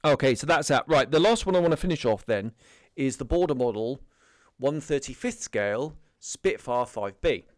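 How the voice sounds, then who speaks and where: A man's voice: mid-range voice, lively intonation, moderate pace, no room sound, studio quality. A middle-aged man hosting a hobby channel, giving a casual news update full of ums, restarts and self-corrections. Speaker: scale modelling channel host.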